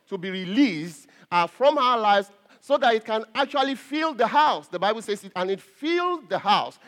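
A pastor preaching an earnest sermon to his congregation, repeating phrases and pausing on fillers. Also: high voice, fairly bright tone.

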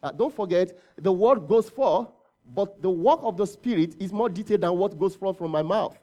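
A man's voice: sits high, moderate pace, dark tone. A man preaching a sermon in a conversational way, asking rhetorical questions and often correcting himself mid-phrase. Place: church service.

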